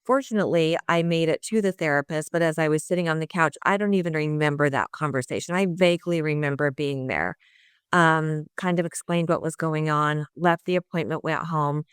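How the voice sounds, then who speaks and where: A middle-aged woman speaks in a low, smooth, resonant voice, recorded dry and close. She tells her story candidly and earnestly, voicing her past thoughts as she goes. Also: brisk, no room sound. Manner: earnest, lively retelling with quoted inner thoughts. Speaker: guest sharing her recovery story.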